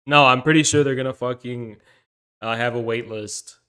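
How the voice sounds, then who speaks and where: A man's voice: mid-range voice, a little slow, a bit bright, clean tone. A man chatting casually on a stream, swearing a lot and breaking into helpless laughter. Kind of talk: casual live-stream chat.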